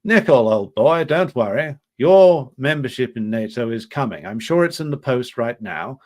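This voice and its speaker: A smug, upper-class British official with a posh accent, sounding soothing but condescending. His voice sits higher than the speaker's normal register and is delivered with an airy lilt. A man doing the voice during a commentary. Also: lively intonation, moderate pace, a little mellow, natural voice. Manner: condescending, falsely reassuring.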